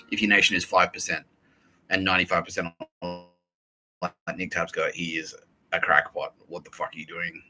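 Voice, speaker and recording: A man hosting a podcast in a rambling, profane comedic monologue, jumping between loud outbursts and low mutters. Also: fairly even intonation, brisk, faint music behind, low-quality recording. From Australia. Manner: crude and profane, swings between loud bursts and mumbles. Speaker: podcast host.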